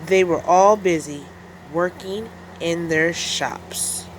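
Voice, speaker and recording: Slow, low-voiced woman reading a storybook. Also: background noise. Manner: slow, deliberate storytelling delivery. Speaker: teacher reading a picture book aloud. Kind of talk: storybook read-aloud.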